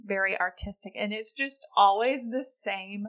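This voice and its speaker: A woman's voice: medium pitch, a little slow, a bit bright. A woman co-hosting a casual talk about a novel. She is chatty and easygoing, with a mid-range voice, and now and then slips into characters' lines. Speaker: podcast co-host. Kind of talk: casual book discussion.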